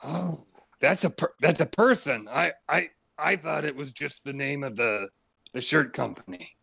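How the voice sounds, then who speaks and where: A man playing a hesitant, starstruck fan calling into a show, halting and full of fillers. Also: fairly high pitch, gravelly, pushed and bright, slightly rough, no echo, full character voice. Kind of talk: improvised comedy role-play.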